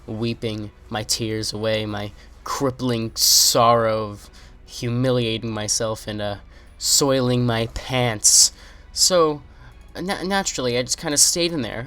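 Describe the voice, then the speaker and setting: A man's voice: mid-range voice, a bit bright. Teen vlogger boy, rambling comic tale, lots of restarts. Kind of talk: comic storytelling.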